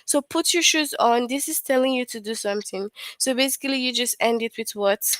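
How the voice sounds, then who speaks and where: A woman's voice: fairly high pitch, a little fast, no echo. A young woman teaching a grammar lesson to young children, patiently repeating points and asking questions she then answers herself.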